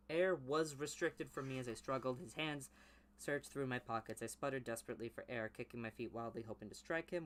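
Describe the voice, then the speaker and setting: A young man reading his old teenage story aloud in a low mumble, then breaking off into loud, mocking commentary. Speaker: YouTuber reading his childhood writing.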